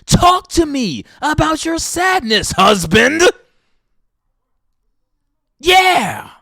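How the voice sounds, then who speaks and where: A woman's voice: sits high, very animated, drawn-out words, gravelly, fairly bright tone, dry recording. A young adult woman hosting a podcast, delivering an impassioned monologue full of swearing and emphatic ranting. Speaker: podcast host.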